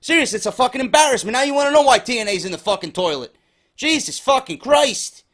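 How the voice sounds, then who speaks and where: High-voiced, swearing New man ranting. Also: lively intonation, quick pace, a bit bright. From New York. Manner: exasperated, swears constantly. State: tired. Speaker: wrestling podcast host. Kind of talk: profane ranting commentary.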